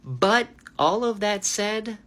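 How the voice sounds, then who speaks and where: A lively man chatting casually through a book reaction, his pitch leaping up and down as he talks. His tone is bright and forward, and his speech is loose and filled with "like" and "dude". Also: slow. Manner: animated, chatty, heavy use of "like" and "dude".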